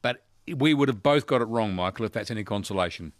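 A man hosting a casual talkback radio quiz, chatty and quick to laugh. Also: lowish voice, no room sound, studio quality. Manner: chatty, animated, laughs easily.

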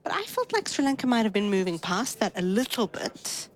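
A woman giving expert cricket analysis, measured and thoughtful, making her points with statistics. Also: mid-range voice, sing-song. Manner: thoughtful, measured, explains with stats. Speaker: cricket pundit.

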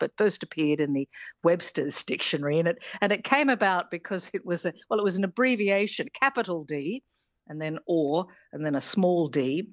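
A woman's voice: low voice, no room sound, dull audio. A woman professor, explaining things on radio in a thoughtful, chatty way with plenty of ums and restarts. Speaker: linguistics professor, guest.

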